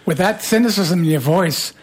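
A radio show host with a hoarse voice, chatting casually in a playful, teasing way. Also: medium pitch, moderate pace, a little mellow.

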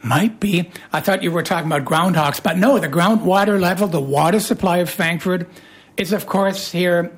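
Hoarse, teasing radio host. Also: mid-range voice, moderate pace. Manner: playful, teasing, jokey. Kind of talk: casual radio chat.

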